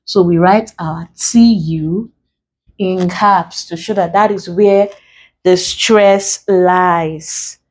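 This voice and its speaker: A woman's voice: fairly low pitch, fairly even intonation, a little hiss or hum, rough recording. A woman with a Nigerian accent teaching an exam-prep lesson, spelling out letters and breaking words into syllables step by step. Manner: slow and deliberate, spelling out letters.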